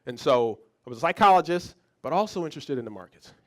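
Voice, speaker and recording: A man who is a psychologist, giving a motivational talk as a lively story, often restarting and repeating words. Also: fairly high pitch, fast talker. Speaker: psychologist and speaker.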